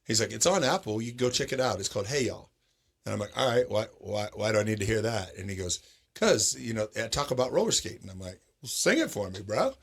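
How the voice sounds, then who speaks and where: A man's voice: lowish voice, fast, vocal fry, breathy edge. A middle-aged man from Sacramento who owns roller rinks, telling stories in a casual chat and acting out the voices of the people he quotes. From Sacramento, California. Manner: animated, acts out quoted voices. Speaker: roller rink owner, podcast guest.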